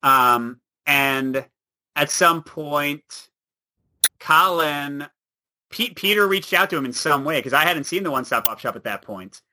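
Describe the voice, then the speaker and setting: A man chatting as a podcast guest, animated and laughing often. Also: a little high, unhurried, slight background noise. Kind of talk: casual chat.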